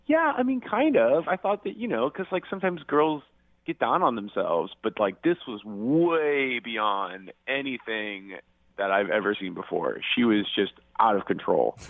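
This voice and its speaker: A man's voice: medium pitch, very animated, a little slow, gravelly, dry recording. A man calling in to a radio show, telling a story in a hesitant, rambling way. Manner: rambling, hesitant, lots of likes. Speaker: caller. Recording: tinny phone line.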